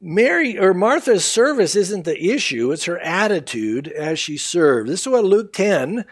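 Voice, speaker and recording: Animated, conversational male pastor. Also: high voice, a little slow, breathy edge. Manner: conversational, animated preaching with asides. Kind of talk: sermon.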